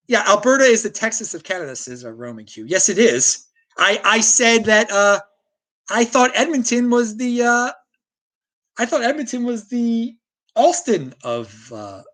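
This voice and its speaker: An American man with a very high, bright, forceful voice hosts a solo livestream. He rants with strong opinions and reads chat comments aloud.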